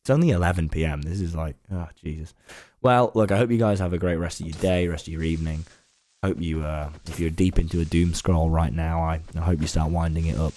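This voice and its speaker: Fairly quick and mellow, with a low voice and fairly even intonation, a young man talks in a dry recording. He's an online content creator rambling through a laid-back late-night vlog, with occasional swearing.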